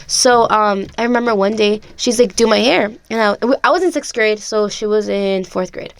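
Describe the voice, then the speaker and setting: Speaking at a normal pace in a clean, medium-pitched voice with no room sound, this podcast guest recounts her childhood casually. Her talk is chatty and heavy on "like," and she performs her family members' lines.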